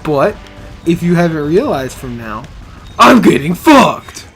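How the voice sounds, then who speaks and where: A man's voice: on the high side, sing-song, slow, vocal fry, a bit bright. A man giving casual commentary while playing a co-op game, urgently directing his partner and swearing freely. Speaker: co-host gamer.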